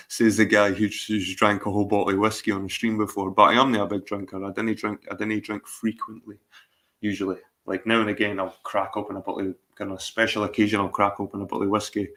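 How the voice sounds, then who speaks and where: A man's voice: on the low side, fairly bright tone. A middle-aged Scottish man chatting casually on his livestream, rambling, swearing and repeating himself. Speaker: livestream host.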